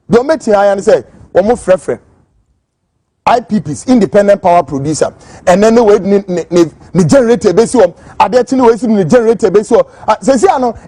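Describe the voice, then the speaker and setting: A man's voice: sits high, warm tone, husky, no echo. A Ghanaian man hosting a political commentary show, fiery and emphatic as he rants, switching between Twi and English. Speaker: host.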